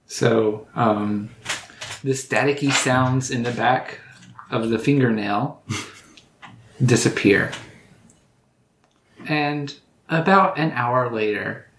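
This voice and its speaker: A man narrating as game master of a tabletop game, relaxed and halting, with many fillers. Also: mid-range voice, slight background noise. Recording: echoey room.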